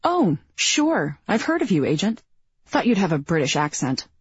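A woman voicing a playful teenage girl who teases in a dry, deadpan way. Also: fairly low pitch, moderate pace, slightly rough, dry recording, muffled recording, full character voice.

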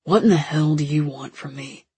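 A woman reading the part of an angry, bitter young man with a gruff, clipped delivery. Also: low voice, normal speed, mellow. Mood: furious.

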